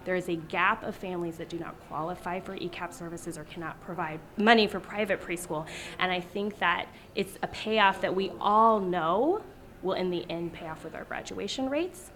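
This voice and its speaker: A woman's voice: lowish voice, normal speed, fairly bright tone, a little hiss or hum. A woman speaking emphatically in an interview, pressing her point. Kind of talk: interview answers.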